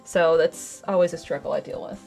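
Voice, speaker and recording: A woman's voice: fairly low pitch, fairly even intonation, a little fast, warm tone, soft background music. A young woman streaming her art, chatting casually and explaining her painting steps as she works. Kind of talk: casual chat while painting.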